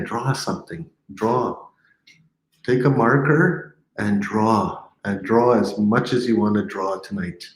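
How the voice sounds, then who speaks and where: A man teaching a live language lesson, patiently repeating words slowly for learners, with playful teasing asides. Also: lowish voice. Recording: echoey room.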